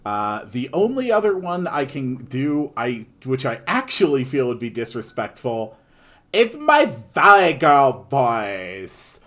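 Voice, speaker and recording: A man's voice: medium pitch, big pitch swings, slow, a bit bright. Wry man commenting on a game. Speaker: streamer. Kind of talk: gaming playthrough commentary.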